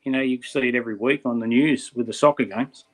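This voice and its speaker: His mid-range voice keeps fairly even intonation at a quick pace. This middle-aged Aussie podcast co-host chats casually but bluntly and with passion, dropping "mate" often.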